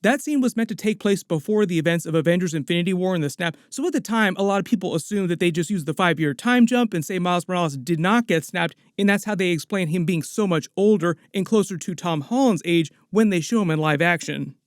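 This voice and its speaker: A man's voice: high-pitched, quick pace, hardly any pauses, dry recording, clean studio sound. A man hosting a movie news channel, talking casually and chatting directly to his viewers. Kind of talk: casual entertainment news commentary.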